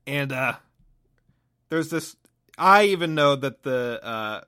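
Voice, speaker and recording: Speaking slowly and expressively, this man's medium-pitched voice sounds pushed and bright. He hosts a podcast, delivering a rambling, sardonic comic monologue on his own and frequently interrupting himself.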